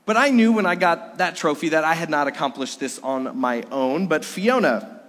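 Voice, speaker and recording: A middle-aged male pastor preaching a Sunday sermon in a church, earnest, moving between loud emphasis and hushed, soft lines. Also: a little high, animated, normal speed. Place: church sanctuary during a Sunday service. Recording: echoey sanctuary reverb.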